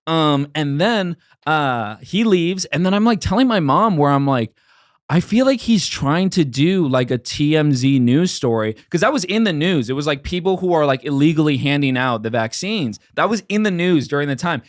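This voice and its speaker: A man's voice: fairly high pitch, lively intonation, fairly quick, no echo, studio quality. A young man in his twenties in casual chat, telling a long story with lots of fillers and restarts. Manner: rambling, filler-heavy storytelling.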